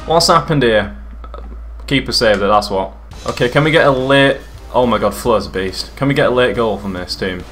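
A young man casually commentating his own football video game, excitable, swearing and shouting at the game. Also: mid-range voice, moderate pace, faint music behind. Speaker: gaming YouTuber.

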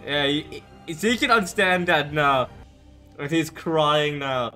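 A man hosting an anime reaction video, excitable, with gasps, drawn-out exclamations and stumbling restarts when agitated. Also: fairly high pitch, faint music behind. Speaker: anime reaction channel host.

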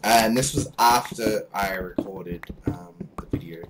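Young male game commentator, low voice, heavy hiss and clicks behind. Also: unhurried, hardly any pauses. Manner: rambling, filler-heavy, self-mocking. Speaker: gaming channel host. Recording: loud background noise, mouse clicks.

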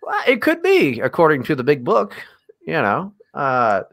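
A man's voice: on the high side, huge pitch swings, unhurried, a bit bright. A man co-hosting a casual podcast, joking sarcastically and swearing a lot. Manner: sarcastic, profane, jokey. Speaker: podcast co-host. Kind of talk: casual comedic podcast chat.

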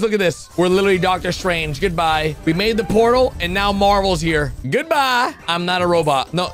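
A young man giving excited reaction commentary on a video, exclaiming loudly and calling his viewers "boys" and "bro". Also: high-pitched, normal speed, hardly any pauses, faint music behind. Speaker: YouTuber reacting to an animation.

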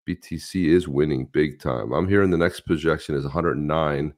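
A man co-hosting a live podcast stream, chatting casually and acting out quotes in animated stories. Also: very deep voice, a little fast. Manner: animated storyteller, acts out quotes. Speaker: podcast co-host.

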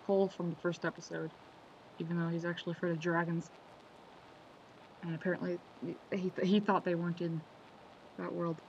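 A man's voice: a little high, flat delivery, normal speed, pauses often, darkish tone. Rambling casual male video maker. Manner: rambling, unscripted, trails off and corrects himself. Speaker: video creator. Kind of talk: casual commentary on a quotes compilation. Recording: slightly dull lo-fi audio with faint background noise.

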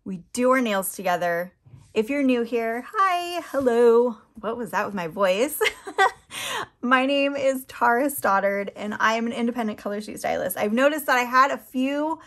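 A woman's voice: a little high, normal speed, a bit bright. A woman talking casually to her camera as a nail polish vlogger, flustered and rambling, with frequent laughs.

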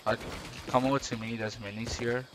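A streamer playing online chats casually over a gaming headset, teasing his teammate in slangy talk and saying "bro" constantly. His mid-range voice is brisk and flat, and the background noise is loud.

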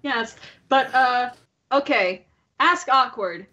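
A high-pitched woman from Ireland chatting on a casual podcast. She is giggly and chatty and breaks into quick asides. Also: bright, forceful tone, lo-fi sound. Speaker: podcast co-host.

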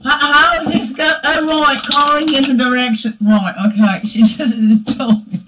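A woman voicing her own playful alter-ego dark side, giving a rambling, chatty spiritual reading that keeps asking "right?". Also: sits high, fairly even intonation, unhurried, background noise. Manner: rambling and chatty, tagging "right?" onto lines. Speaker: spiritual reader. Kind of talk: spiritual daily energy reading.

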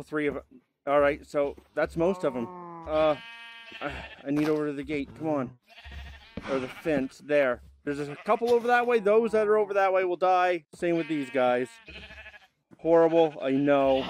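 Animated man chatting through gameplay. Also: a little high, a little hiss or hum. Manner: animated, chatty, bursts into loud exclamations; talks to animals and his dog in a coaxing voice. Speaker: gaming video host. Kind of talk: casual gameplay commentary.

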